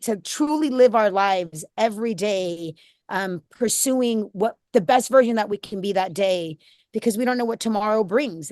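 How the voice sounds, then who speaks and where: A woman's voice: mid-range voice, darkish tone, dry recording, clean studio sound. A woman in her thirties, a nonprofit founder speaking as an interview guest, heartfelt and rambling with many fillers and restarts. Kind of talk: candid conversational interview.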